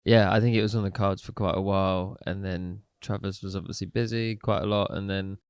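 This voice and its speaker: A man's voice: low voice, fairly even intonation, brisk, clear, resonant tone, no echo, studio quality. A man in a band answering interview questions, easygoing and giggly, with many fillers. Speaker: band member. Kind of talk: casual interview chat.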